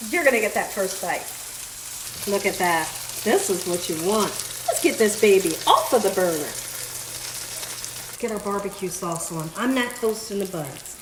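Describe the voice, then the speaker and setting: Woman host, bubbly cooking-show energy, voice sits a bit high, roomy kitchen sound. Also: slight background noise. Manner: exuberant, talks straight to viewers with exclamations. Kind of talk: home cooking demonstration. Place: home kitchen. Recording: echoey kitchen.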